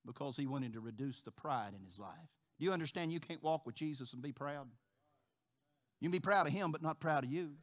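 A male pastor preaching a sermon, repeating phrases and acting out quotes with big swings from quiet to loud. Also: on the high side, animated, brisk. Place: church sanctuary.

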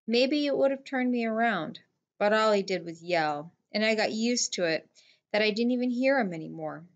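A woman's voice: medium pitch, dull audio, close to an everyday voice. A woman voicing a stranded teenage city boy who is frustrated and blames himself, in a bitter, exasperated way.

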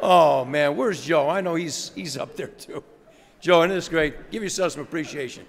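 Gravelly, husky man rousing a crowd. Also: fairly high pitch, expressive, normal speed. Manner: enthusiastic, rallies the crowd with call-and-response. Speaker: guest speaker. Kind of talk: motivational speech to students. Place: college lecture hall. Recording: roomy hall reverb, faint audience.

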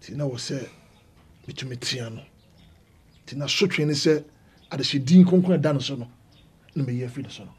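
A man's voice: medium pitch, brisk, long pauses, a little mellow, slightly rough. A man playing an elder in a Twi family film drama, speaking in grave, proverb-filled lines. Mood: solemn.

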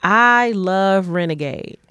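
A woman from Detroit, a guest in a casual interview, telling relaxed stories and laughing often. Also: mid-range voice, slow, smooth, no room sound, studio quality. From Detroit, USA. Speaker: guest, community advocate.

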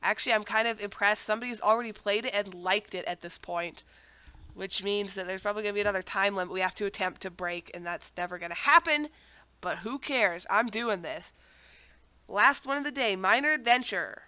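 A young woman who has a cold talks over her gameplay in a loose, rambling way, often mocking herself and wandering off on tangents. Her voice is bright and clean, and it is recorded dry and close with no room sound. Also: medium pitch, a little fast, no room sound. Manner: rambling, self-mocking, easily sidetracked. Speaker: gaming channel host. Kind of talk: casual gameplay commentary.

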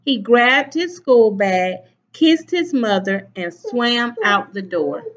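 A woman reads a children's picture book aloud on her webcam at home, pitched high and lively. She takes it slowly, stopping to quiz her young listeners. The sound is a bit dull. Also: noisy background. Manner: animated, stops to ask children questions. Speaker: teacher reading to children. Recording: slightly dull webcam audio.

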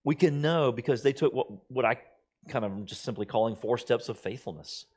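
A man's voice: medium pitch, a little fast, darkish tone, breathy edge. A middle-aged man preaching a sermon as pastor, talking conversationally and telling stories, sometimes acting out other people's lines. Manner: conversational storytelling, quoting others in shifting voices.

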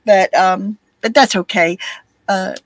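A woman's voice: mid-range voice, fairly even intonation, slow pace, no echo, rough recording. A woman with a Southern US accent chatting casually on a live stream, rambling with many ums and restarts. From Alabama, US.

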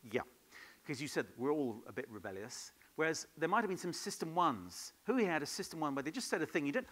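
A man leading an improv workshop at a conference, in a lively, playful way, throwing questions to the audience. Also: on the high side, fast. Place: conference hall.

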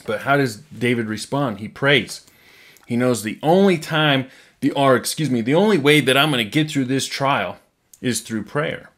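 A man preaching a casual, conversational sermon, plainspoken, often repeating words and checking in with a quick "right?". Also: medium pitch, fairly bright tone.

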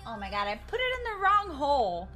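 A woman's voice: high-pitched, huge pitch swings, fast, bright, forceful tone, soft background music. A woman streaming in casual chat, flustered and mocking herself.

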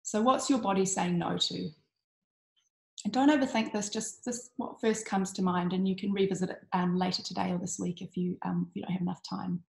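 A woman's voice: fairly low pitch, steady tone, brisk, creaky, darkish tone. Chatty woman in an echoey room. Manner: chatty, with frequent ums and restarts; uses 'bloody' as an intensifier. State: tired from little sleep. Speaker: health coach giving an online talk. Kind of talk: casual presentation.

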